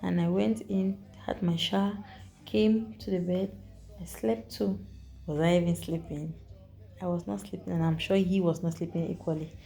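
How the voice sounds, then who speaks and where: A woman with a Nigerian accent telling a story to the camera in a chatty, animated vlog, repeating herself and adding asides. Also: on the low side, normal speed, creaky. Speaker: vlogger.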